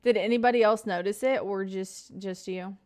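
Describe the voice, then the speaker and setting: A woman's voice: medium pitch, steady tone, normal speed, darkish tone. A young woman in her twenties chatting casually on a live stream, greeting viewers by name and rambling through stories.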